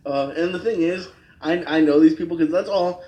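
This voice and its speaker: A man's voice: fairly high pitch, brisk, dark tone, reverberant, poor audio. A man co-hosting a podcast who chats casually and explains things in a laid-back way. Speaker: podcast co-host. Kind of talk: casual chat.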